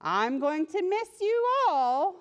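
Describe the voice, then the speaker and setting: Librarian lady doing preschool story time, slow and super bouncy, keeps chatting to the characters. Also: high-pitched, lo-fi sound. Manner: animated and playful, talks to the characters, laughs often. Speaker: children's librarian. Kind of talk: reading a picture book aloud to preschoolers.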